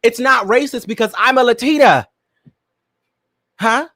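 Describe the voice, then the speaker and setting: A man's voice: very high voice, measured pace, bright, forceful tone, no room sound, studio quality. A young man hosting a casual pop-culture commentary show, talking dramatically and laughing often. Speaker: podcast host.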